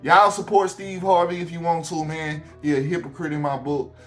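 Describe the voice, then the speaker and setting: Alabama guy ranting on his vlog, kinda high voice, lil music playing under it. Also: moderate pace. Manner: animated, repetitive, addresses the subject directly. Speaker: YouTube commentator.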